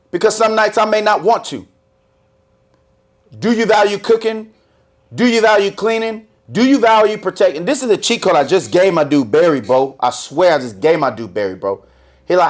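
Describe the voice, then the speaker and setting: Emphatic, swearing man host on a podcast. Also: high-pitched. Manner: emphatic and profane, lecturing in long rants. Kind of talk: casual podcast chat.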